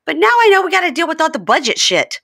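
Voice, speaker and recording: A woman's voice: extremely high pitch, very animated, fast, creaky, a bit bright, pitched above the performer's own voice, full character voice. A woman voicing a demanding young wife on reality TV, coaxing and pleading in a sing-song way.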